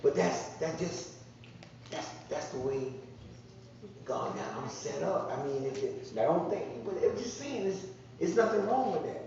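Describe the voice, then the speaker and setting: A man's voice: fairly high pitch, animated, unhurried, vocal fry, darkish tone, far from the mic, slight background noise. A man preaching a conversational sermon, repeating phrases and drawing responses from the congregation. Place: church sanctuary. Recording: echoey muffled church sound from afar.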